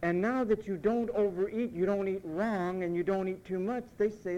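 A man preaching a sermon, emphatic and repetitive, mimicking what others say in quick asides. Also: high-pitched, fairly even intonation, mellow, highs cut off, a little hiss or hum.

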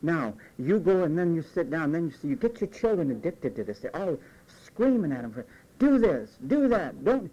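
A man's voice: fairly high pitch, poor audio. A man preaching a conversational sermon as pastor, acting out quoted voices along the way. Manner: animated, acts out quoted voices.

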